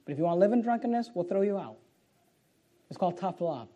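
High-voiced man preaching a sermon. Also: expressive, quick pace, mellow. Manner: preaches with rising intensity, reading scripture aloud. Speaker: pastor. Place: church auditorium.

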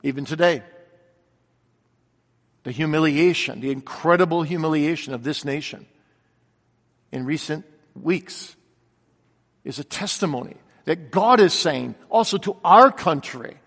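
A man preaching a sermon, earnestly asking rhetorical questions and swinging between loud declarations and quiet reflection. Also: fairly high pitch, unhurried, creaky, long pauses. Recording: long reverb of a large hall.

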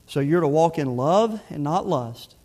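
A man's voice: on the high side, animated, measured pace, darkish tone. A middle-aged male pastor preaching a sermon in an earnest, conversational way, often restarting his phrases.

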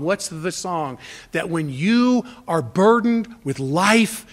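A male pastor delivers a sermon in a high voice. He preaches emphatically, urging his listeners with repeated phrases, and swings between loud exhortation and hushed asides. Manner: repetitive, exhorting the congregation.

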